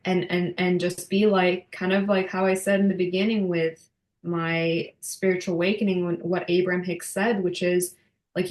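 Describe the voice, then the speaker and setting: A woman's voice: lowish voice, flat delivery, normal speed, a little mellow. Emotional woman in her thirties, echoey room. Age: 30s. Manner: emotional, many fillers and restarts. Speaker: podcast guest. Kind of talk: casual heartfelt interview talk.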